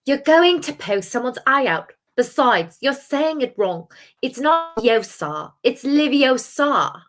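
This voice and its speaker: A woman's voice: high-pitched, big pitch swings, voice pushed up. A woman doing Hermione Granger, scolding in British. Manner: prim, scolding, drawn-out corrections. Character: bossy know-it-all British schoolgirl.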